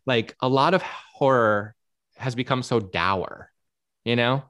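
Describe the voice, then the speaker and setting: A man's voice: mid-range voice, slow pace, fairly bright tone, no room sound, studio quality. A man co-hosting a casual talk show, speaking with enthusiasm, laughing often and restarting his sentences as he rambles. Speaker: podcast co-host. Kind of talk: casual chat about horror films.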